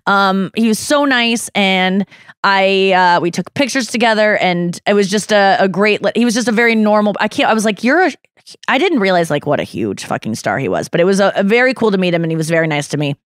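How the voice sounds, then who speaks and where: Woman, podcast host, animated storyteller who curses a lot, expressive pitch, close dry studio sound. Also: fairly quick, dry recording. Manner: animated storyteller, swears freely, acts out quotes. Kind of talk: casual chat.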